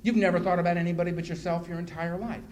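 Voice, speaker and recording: A man's voice: high-pitched, steady tone, racing, darkish tone, lightly acted. A man voicing his blunt, stern male sponsor, lecturing a newcomer with hard truths. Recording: noisy live room recording.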